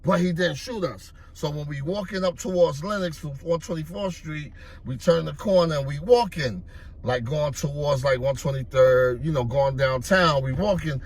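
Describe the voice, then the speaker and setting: A vlogger with a voice on the high side tells a story at a moderate pace. His talk is loose, casual and streetwise, and he keeps repeating "you know what I mean."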